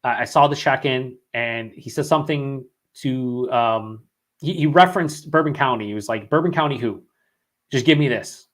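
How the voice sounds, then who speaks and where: A man's voice: mid-range voice, moderate pace, fairly bright tone. A young man hosting a long live beer vlog, rambling casually and swearing often as he reads out chat comments, his voice worn from hours of talking. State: voice worn after hours of streaming.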